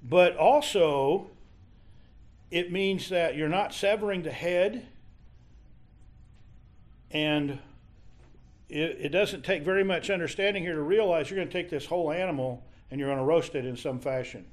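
A man with a fairly high voice teaches a Bible study lesson in a halting, conversational way. He frequently restarts his sentences.

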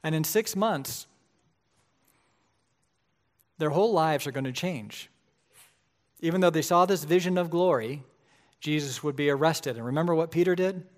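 A male pastor delivering a sermon in a fairly high voice. He talks to the congregation in a relaxed, conversational way and builds to emphatic moments. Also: normal speed. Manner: conversational preaching, rising to emphatic.

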